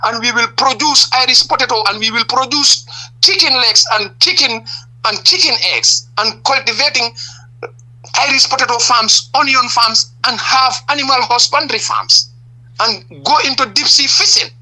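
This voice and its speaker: Gambian politician guy on radio, super bright forceful voice, emphatic, keeps asking rhetorical questions. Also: very high voice, moderate pace, rough recording. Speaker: political party leader. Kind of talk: impassioned radio interview answers.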